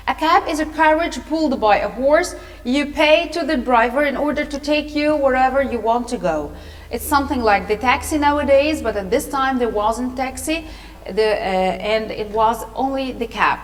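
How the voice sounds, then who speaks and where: A woman's voice: sits high, animated, moderate pace. A woman teacher reading a story aloud, explaining words and patiently asking pupils questions. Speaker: English teacher. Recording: long hall reverb.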